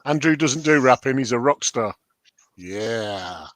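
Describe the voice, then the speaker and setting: A man's voice: mid-range voice, animated, unhurried, a bit bright, no room sound. A man, co-hosting a live stream, playfully reading out and teasing viewer comments. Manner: playful, teasing, reads out chat. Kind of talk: casual live-stream chat.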